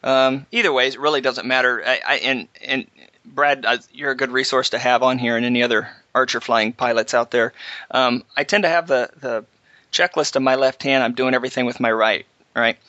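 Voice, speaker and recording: A man hosting a casual chat, telling a halting, animated story about flying. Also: medium pitch, no room sound. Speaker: podcast host, pilot. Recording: slightly dull, dry audio.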